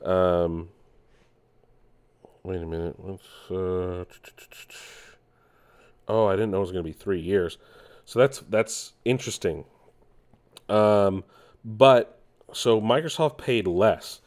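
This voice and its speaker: A man's voice: low voice, slow pace, long pauses, a little mellow. A man casually hosting gaming news, rambling with many fillers and restarts. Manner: rambling, with frequent fillers and self-corrections.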